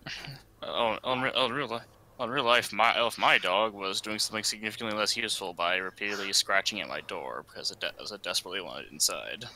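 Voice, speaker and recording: A man's voice: fairly low pitch, fast, bright, forceful tone, slight background noise. A man chatting casually as a friend on a voice call, in a rambling, chatty way. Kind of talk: casual chat.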